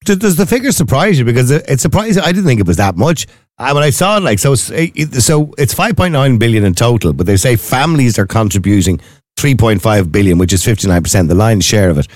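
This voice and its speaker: A man's voice: mid-range voice, lively intonation, quick pace, a little mellow, no echo, studio quality. An Irish man hosting a casual chat, asking probing questions conversationally.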